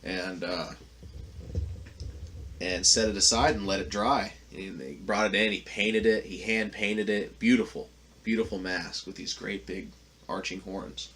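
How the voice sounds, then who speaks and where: A man's voice: fairly low pitch, fairly even intonation, measured pace, fairly bright tone. A man hosting a podcast, telling a long story in a casual, profane, rambling way with lots of fillers. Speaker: podcast host.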